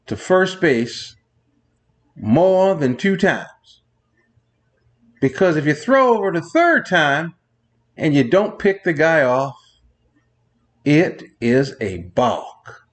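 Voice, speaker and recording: A man hosting a sports show, ranting in a rambling monologue full of digressions, exasperated with new rules. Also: mid-range voice. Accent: New York. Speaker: sports radio host.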